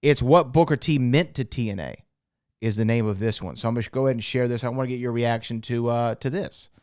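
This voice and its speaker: An upbeat man co-hosting a podcast, introducing clips and asking for reactions. His voice comes across smooth and resonant, recorded dry and close. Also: mid-range voice, fast, darkish tone, no room sound. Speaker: podcast co-host. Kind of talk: casual chat.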